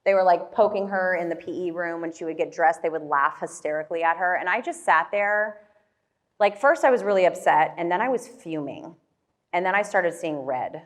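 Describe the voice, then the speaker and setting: A woman's voice: fairly low pitch, moderate pace. A woman motivational speaker telling a personal story to an audience in a casual way, with many fillers and questions thrown to the crowd.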